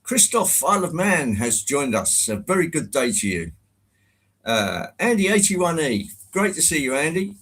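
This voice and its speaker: A man's voice: on the high side, sing-song, moderate pace, a bit bright, slightly rough. A man hosting a live stream in a genial, rambling way, greeting viewers one by one. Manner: genial, rambling, chatty with fillers.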